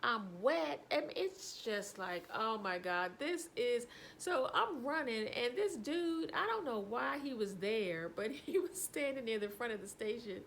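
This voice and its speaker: A woman in her fifties telling embarrassing stories in a casual vlog, animated and quick to laugh. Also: creaky, slight background noise. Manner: animated, laughs often, jumps into high quoted voices. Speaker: vlogger. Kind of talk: casual storytelling.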